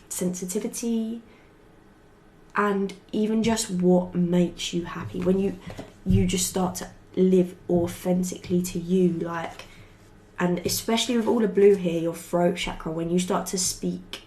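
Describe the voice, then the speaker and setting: A woman's voice: on the low side, darkish tone. A young woman giving a casual tarot reading to camera, rambling and chatty, swearing freely and saying "like" often. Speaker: tarot reader.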